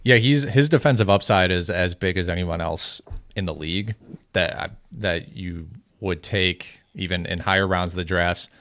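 A man analysing fantasy basketball picks in a casual podcast chat, measured and hesitant with many fillers. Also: low voice, fairly bright tone, dry recording.

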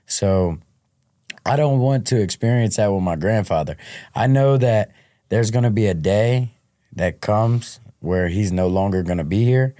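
A man's voice: fairly low pitch, measured pace, dark tone, dry recording, studio quality. A man being interviewed on a podcast, telling his life story in a frank, casual way and often restarting his words. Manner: frank, repeats word starts. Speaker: podcast guest.

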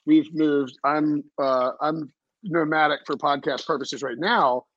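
A man hosting a sports podcast, chatting casually in a rambling, energetic way with lots of fillers and restarts. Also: on the high side, a little slow, dull audio, a little hiss or hum. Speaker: podcast host.

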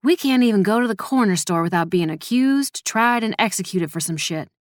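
A woman's voice: mid-range voice, expressive, a little fast, no room sound, studio quality, close to an everyday voice. A woman voicing an elderly female community elder who speaks bluntly and defiantly, tired of injustice.

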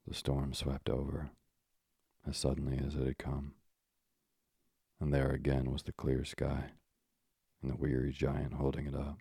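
A man narrating a bedtime story in a calm, hushed, measured way. His voice is extremely deep and heavily gravelly, with a flat, unmoving melody. The recording is dry and close. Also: no echo. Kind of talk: slow, soothing sleep-story reading.

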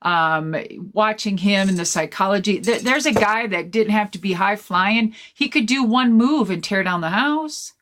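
A woman guest-hosting a podcast, telling stories in a rambling, animated way with lots of fillers and swearing. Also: mid-range voice, moderate pace, few pauses. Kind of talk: casual storytelling chat.

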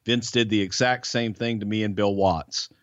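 A man's voice: fairly low pitch, moderate pace, dry recording, muffled recording. A man co-hosting a podcast, casually telling second-hand stories with a lot of hedging. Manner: relaxed anecdotal telling with hedges. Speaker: podcast co-host, former wrestling insider. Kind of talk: casual storytelling chat.

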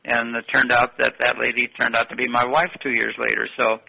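A man's voice: medium pitch, flat delivery, fairly quick, creaky, bright, forceful tone, husky, lo-fi sound. An older man telling long, rambling stories in an interview and correcting himself as he goes. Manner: rambling, anecdotal, self-correcting. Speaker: guest. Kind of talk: interview storytelling.

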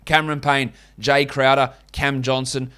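An Australian man talking through a solo podcast in a loose, chatty way. He is blunt and opinionated and swears casually, and his voice sits at an ordinary middle pitch. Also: little pitch movement, measured pace, bright, forceful tone, clean tone. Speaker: fantasy basketball podcast host.

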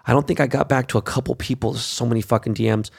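A man's voice: mid-range voice, fairly even intonation, racing, creaky, husky. A brash young man hosting a show, cursing constantly through a ranting monologue. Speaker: show host.

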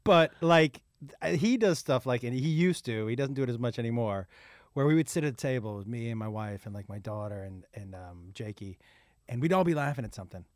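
Animated, chatty male podcast host. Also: medium pitch, fairly quick, no room sound, clean studio sound. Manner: animated, chatty, laughs easily. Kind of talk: casual podcast interview.

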